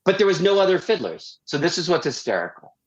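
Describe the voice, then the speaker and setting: A man, a guest on a talk show, telling a long family story in a casual, animated way and acting out the voices of the people in it. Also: on the high side, fast talker, dull audio.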